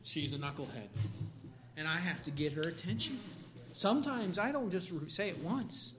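A man preaching a sermon, animated, swinging from quiet asides to sudden loud outbursts. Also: a little high, moderate pace. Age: adult parent.

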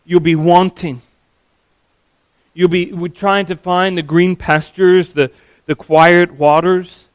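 A man preaching a sermon, earnest and emphatic, slowing down to stress key words. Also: high-pitched, clear, resonant tone, dry recording.

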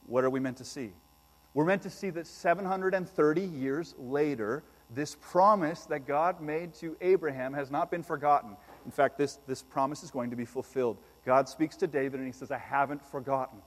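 A man preaching a sermon, reading scripture aloud with slow emphasis and then explaining it to his congregation. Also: a little high, long reverb tail. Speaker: pastor.

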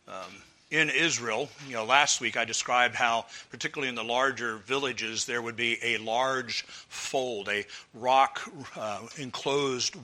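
A man preaching an expository sermon as a pastor, measured and emphatic, with pauses and occasional restarts. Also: mid-range voice, bright, forceful tone.

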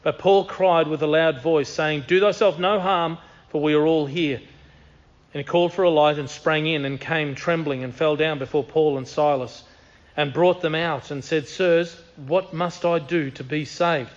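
Male preacher, earnest and emphatic, reads scripture, slightly high voice, dull recording. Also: fairly even intonation, moderate pace. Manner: earnest, emphatic, repeats key phrases. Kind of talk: sermon with scripture reading.

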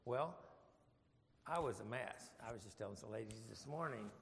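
A man's voice: fairly low pitch, expressive, normal speed, gravelly, a bit bright, slight background noise. An older man teaching a casual Bible study in church, folksy and rambling, with frequent chuckles. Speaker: preacher. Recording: long hall reverb.

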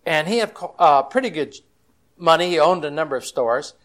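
A man's voice: fairly high pitch, expressive, moderate pace, a bit bright. A man speaking as a Christian counselor at a conference, telling stories in a folksy, chatty way and acting out the quotes. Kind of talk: storytelling conference talk.

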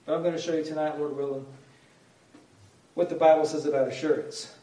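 Earnest preacher in an echoey room. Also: male voice, fairly high pitch, level tone, a little fast, dark tone, distant mic. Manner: earnest, conversational preaching with repeated phrases. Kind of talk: sermon.

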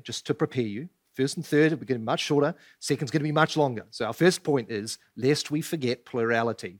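A man preaching a sermon as pastor, asking rhetorical questions and pressing his points with emphasis. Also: mid-range voice. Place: church.

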